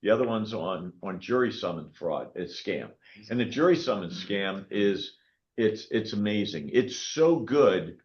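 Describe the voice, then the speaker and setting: A man in his sixties, a county clerk, telling stories to a meeting in an animated way and often checking in with "okay?". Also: on the low side, a little slow, highs cut off. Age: 60s. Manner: animated storytelling, frequent "okay?" check-ins. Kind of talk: public meeting talk.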